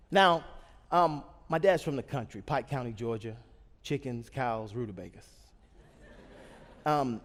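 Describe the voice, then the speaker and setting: Brief: thirties male pastor, high voice, chatty storytelling sermon, long church-hall reverb. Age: 30s. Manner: humorous, conversational, engages the congregation. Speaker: guest pastor. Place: church sanctuary.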